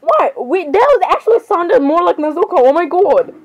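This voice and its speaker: A high-pitched teenage girl talks over her game, rambling in a dramatic, excitable way. She jumps from topic to topic in casual gaming chatter. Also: normal speed, muffled recording. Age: teens. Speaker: gamer.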